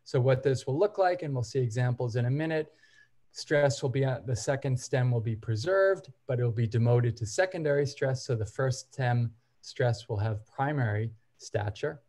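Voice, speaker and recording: A man's voice: mid-range voice, normal speed, a little mellow. A man presenting at a university seminar, giving an academic lecture and explaining step by step with occasional hesitation fillers. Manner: methodical, explains step by step while walking through examples.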